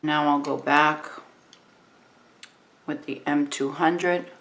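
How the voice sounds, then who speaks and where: A woman in her fifties with a New Jersey accent, talking through a makeup tutorial in a relaxed, chatty way while she works. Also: sits low, slow. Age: 50s.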